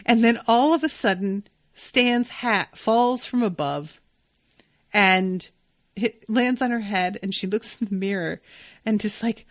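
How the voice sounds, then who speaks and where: A woman hosting a podcast, recapping a show in a relaxed, unhurried way. She swears often and slips into the characters' lines as she goes. The sound is close and dry, with no room echo. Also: mid-range voice. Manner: chatty, swears freely, acts out quotes. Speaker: podcast host. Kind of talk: casual episode recap.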